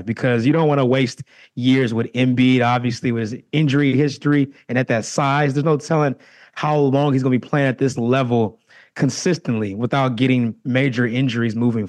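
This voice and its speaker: A man co-hosting a casual sports podcast. He talks in a steady, agreeable, analytical way. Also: mid-range voice. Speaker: podcast co-host.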